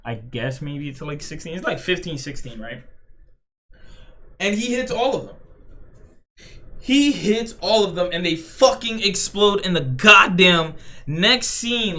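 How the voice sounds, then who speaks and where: A man's voice: high voice, lively intonation, a little slow, long pauses, bright, forceful tone. A young man giving casual, rambling commentary as a streamer, swearing a lot and restarting his sentences. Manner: rambling, profane, full of fillers and restarts.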